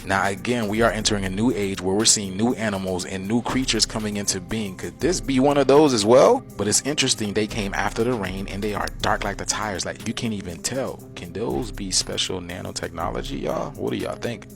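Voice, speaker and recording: Low-voiced man quizzing his viewers. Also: fairly quick, gravelly, hardly any pauses, over music. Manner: rhetorical, keeps asking viewers questions. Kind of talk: social media commentary.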